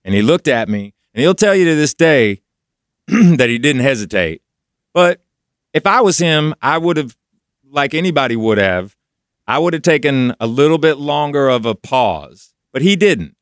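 A middle-aged man with a smooth, resonant voice recounts a story in easy conversational talk, dipping lower when it gets heartfelt. The sound is dry and close, with no room around it. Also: moderate pace, no room sound. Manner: relaxed, conversational, drops low when emotional. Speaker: rock band lead singer, guest. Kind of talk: casual storytelling.

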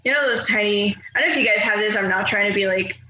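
A woman's voice: medium pitch, racing, pushed and bright, highs cut off, slight background noise. A young woman in casual chat, rambling with many fillers and laughing often. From Canada. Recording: echoey room with faint ambience.

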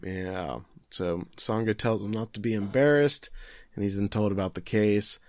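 Here a young podcast co-host with a lowish, slightly mellow voice chats casually through an anime episode recap. The studio-quality recording has no room sound, and he cracks jokes while doing the characters' lines in rapid voices.

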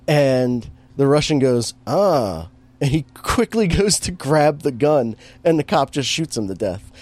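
A man's voice: mid-range voice, a little mellow. A man in casual chat, recapping a movie with lots of fillers and restarts and an amused tone. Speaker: podcast co-host recapping a movie.

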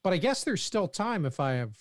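A man's voice: high voice, sing-song, brisk, dry recording. Joking man on a dry mic. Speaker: podcast co-host. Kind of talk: casual tech chat.

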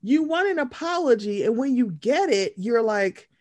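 A woman chats loosely about reality TV on a podcast, swearing freely and acting out what people said. Her voice sits fairly high and swings widely in pitch. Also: moderate pace. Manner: animated, acts out quotes, swears freely. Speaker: podcast co-host. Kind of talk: casual chat recapping reality TV.

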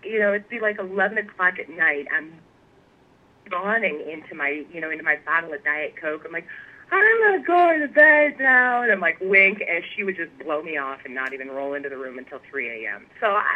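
Animated woman storyteller over the phone. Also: on the low side, fairly quick. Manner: animated storyteller, laughs often. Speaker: guest, pipe maker. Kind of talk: casual interview chat. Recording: tinny phone line.

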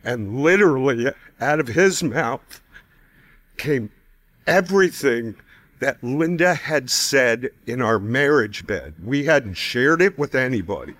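A man's voice: medium pitch, slow, no echo. Man telling a story, dry recording. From United States. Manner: conversational, animated, acts out quoted voices. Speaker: guest storyteller. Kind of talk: personal testimony storytelling.

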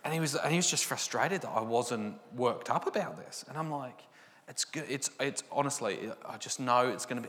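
A man's voice: mid-range voice, expressive, moderate pace, a bit bright. Man telling a testimony in a reverberant hall. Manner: storytelling, acts out dialogue. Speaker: Christian speaker sharing testimony. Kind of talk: personal testimony.

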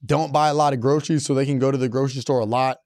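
A young man co-hosting a casual comedy chat, riffing and jumping into high-pitched mocking voices for bits. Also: fairly even intonation, rapid-fire, darkish tone, no echo, studio quality.

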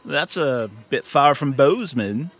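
A man's voice: medium pitch, animated, unhurried, a bit bright. An actor playing a dorky roadside salesman with folksy sales patter. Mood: salesy.

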